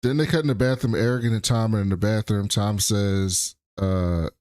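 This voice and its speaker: Un hombre que co-presenta un pódcast y resume las escenas de un episodio en charla informal, con palabrotas. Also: male voice, on the low side, moderate pace, a little mellow, no room sound. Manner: retelling scenes, swearing. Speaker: podcast co-host. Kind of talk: casual recap chat.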